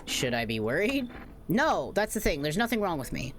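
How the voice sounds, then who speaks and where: A woman's voice: fairly low pitch, big pitch swings, normal speed, a little hiss or hum. A woman voicing a wary man with bad skin, defensively asking to be let in.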